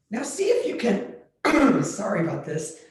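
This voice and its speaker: A woman yoga instructor guiding a chair yoga class with calm, step-by-step instructions, clearing her throat now and then. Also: medium pitch. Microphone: computer mic. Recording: very echoey room on a computer mic.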